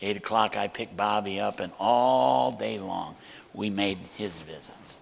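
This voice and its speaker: Gravelly older preacher telling a story. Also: male voice, fairly low pitch, measured pace, a little hiss or hum. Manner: animated storyteller acting out voices. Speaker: guest preacher. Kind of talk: sermon storytelling. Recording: hall reverb.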